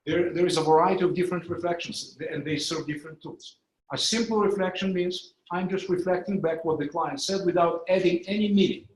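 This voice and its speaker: A man's voice: high voice, brisk. A man giving a training lecture, explaining ideas step by step and using live demonstrations. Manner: explanatory, illustrates with live demos. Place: conference room. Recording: echoey training room.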